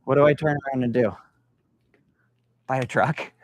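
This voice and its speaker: Middle-aged man telling a lively sales story. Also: mid-range voice, normal speed, dry recording. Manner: lively storyteller, quizzing the room. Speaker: sales mentor. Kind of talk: live workshop talk to an audience. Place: meeting room with an audience.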